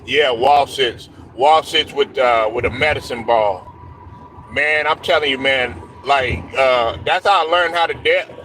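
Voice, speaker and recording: A man's voice: mid-range voice, unhurried, a bit bright, slight background noise. A young man hosting a casual sports talk show, telling stories loosely with slang, cursing and laughs.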